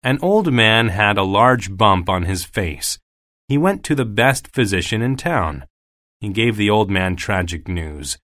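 A man reading a folk tale aloud as scripted narration, with an expressive delivery. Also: fairly low pitch, a little slow, no echo, clean studio sound. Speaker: storyteller.

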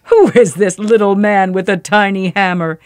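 A woman voicing a huge, mocking male giant in a storybook tale, speaking loudly and slowly. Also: medium pitch, dry recording, studio quality, natural voice.

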